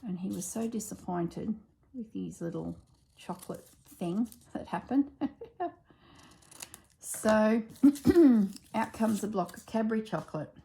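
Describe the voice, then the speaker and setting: A woman's voice: mid-range voice, unhurried, vocal fry, warm tone. A woman, chatting and telling stories while she works on a craft project at home. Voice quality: chatty storyteller. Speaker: craft vlogger. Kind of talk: casual chat while crafting.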